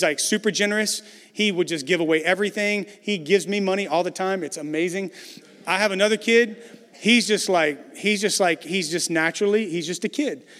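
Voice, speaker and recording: A man in his thirties preaching a sermon as a pastor, animated and acting out dialogue as he tells stories. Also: fairly high pitch. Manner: animated storytelling, acts out dialogue. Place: church sanctuary. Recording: long hall reverb in a church.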